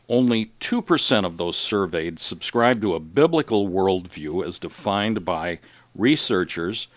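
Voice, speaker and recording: A man's voice: low voice, dry recording. A man hosting a casual Catholic radio talk show, folksy and fond of telling jokes.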